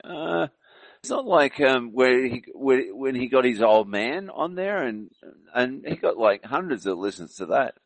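A man co-hosting an internet radio show, chatting casually in a rambling, halting way. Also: medium pitch, animated, dry recording.

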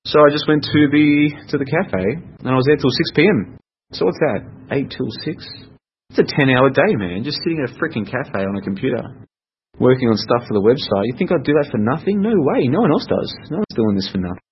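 A man's voice: medium pitch, lively intonation, brisk. A man hosting a casual solo podcast, chatty and rambling, often correcting himself. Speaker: podcast host. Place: home room. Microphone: computer mic. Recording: dull lo-fi audio with faint noise.

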